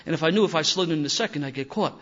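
An older man tells a story in a rough-edged, self-mocking way. His voice sits fairly high for a man, and he gets louder and livelier as the tale builds. The recording sounds dull and lo-fi. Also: rapid-fire, noisy background. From Philadelphia. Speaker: speaker sharing recovery story. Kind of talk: storytelling talk to an audience.

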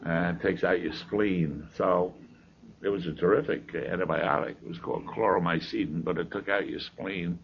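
Gravelly older man telling a wry story. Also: deep voice, fairly even intonation, moderate pace. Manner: wry, dry humor, conversational asides. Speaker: speaker sharing his recovery story. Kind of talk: humorous storytelling talk. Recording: dull lo-fi recording with faint hiss.

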